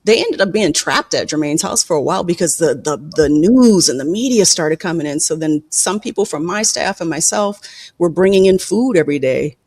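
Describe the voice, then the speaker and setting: A film director and producer telling personal stories in a candid, profane way in an interview, acting out quoted people with sudden jumps in pitch. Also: lively intonation, fairly quick, a little mellow, no room sound.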